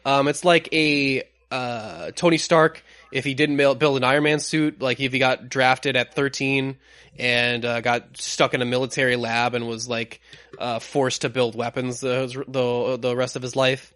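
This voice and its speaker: A man co-hosting a podcast in a casual, rambling way, stopping often to search for words. His voice sits at a middle pitch. The recording is dry and close, with no room sound. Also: flat delivery, measured pace, fairly bright tone, no echo. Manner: rambling, with many uh fillers. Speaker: podcast co-host. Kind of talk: casual chat.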